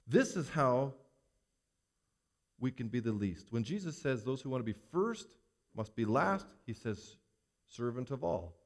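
A man preaching a sermon as a pastor, reading scripture aloud and commenting on it with animated emphasis. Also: mid-range voice, a little slow, long pauses. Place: church.

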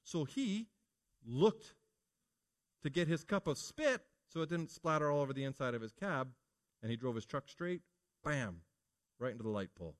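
A man's voice: fairly high pitch, very animated, moderate pace, pauses often. Man, preacher, middle-aged, light voice, chatty sermon, rhetorical questions. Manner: conversational storytelling with rhetorical questions.

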